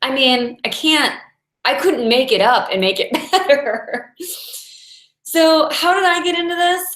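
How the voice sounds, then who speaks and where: Her high-pitched, slightly bright voice moves at a measured pace as this forties-aged Taoist meditation teacher tells stories in a casual inspirational talk. She laughs often and keeps things chatty, with the room's echo audible.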